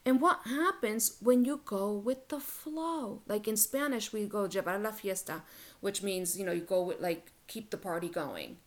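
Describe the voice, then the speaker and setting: A woman's voice: medium pitch, moderate pace. A woman hosting a solo relationship podcast, talking in a blunt, casual, profane and emphatic way. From Latin American heritage. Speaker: podcast host, relationship coach.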